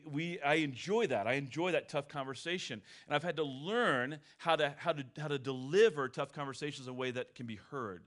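A man's voice: medium pitch, fairly bright tone. A middle-aged man and pastor preaching a sermon in a candid, conversational storytelling way.

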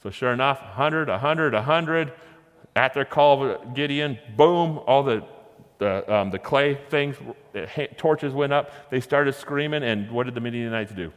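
A male pastor tells a story from the pulpit in a lively, conversational sermon, with chuckling asides. His mid-pitched voice carries a long reverb from a big church hall. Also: unhurried. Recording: echoey hall.

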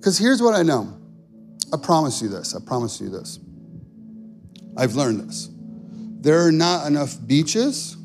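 A male pastor preaching a sermon in an earnest, conversational way. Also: on the high side.

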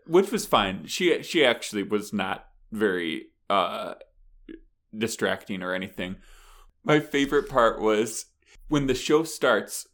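A man co-hosting a podcast, telling an animated story in casual chat, laughing often and acting out the people in it. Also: on the low side. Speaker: podcast co-host.

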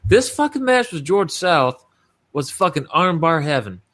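A man's voice: fairly high pitch, sing-song, a little slow, a bit bright. A man co-hosting a podcast, giving a blunt, profanity-laced play-by-play recap of old wrestling matches in casual chat. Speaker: podcast co-host.

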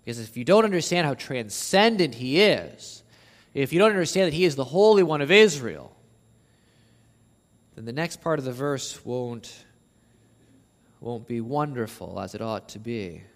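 A man preaching an expository sermon with passion. He repeats words as he builds a point, swings between near shouts and low slow passages, and reads scripture aloud. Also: expressive, in a large hall. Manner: impassioned, rising to near shouts on quoted verses, then dropping low and slow.

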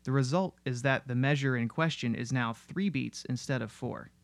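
A man giving scripted narration that explains music in an analytical, steady way. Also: medium pitch, normal speed, vocal fry, dry recording. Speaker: music video essayist.

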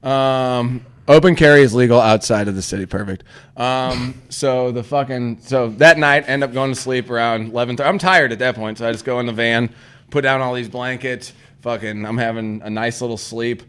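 A man's voice: mid-range voice, normal speed, clean tone. A man hosting a podcast, telling a rambling camping story in casual, profane chat and acting out his own lines. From Missouri. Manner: profane, animated, acts out his own voice in quotes. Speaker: podcast host.

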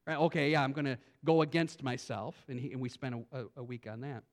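A man's voice: medium pitch, fast talker. A man preaching a sermon as a pastor, speaking emphatically with frequent restarts and reading scripture dramatically aloud.

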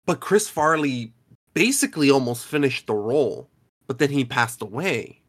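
A man's voice: medium pitch, lively intonation, moderate pace, fairly bright tone. A man hosting a casual podcast chat, talking in a chatty, rambling way with frequent restarts. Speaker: podcast host.

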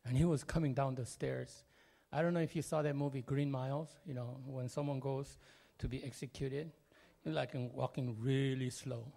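This family story comes from a Korean man speaking English in a medium-pitched, gravelly voice, steady in tone and normal in speed. Still, he's expressive, shifting between loud and quiet and leaning on many fillers.

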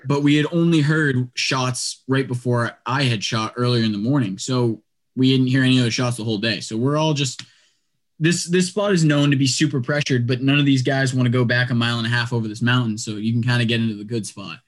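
A young man casually telling a long story on a podcast, chatty and animated, peppering his talk with "like" and "dude". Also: mid-range voice, brisk.

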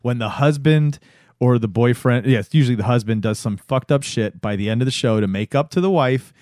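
A man's voice: mid-range voice, fairly quick, a little mellow, dry recording, clean studio sound. A man co-hosting a podcast, recapping a show casually in a laid-back way with swearing. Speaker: podcast co-host.

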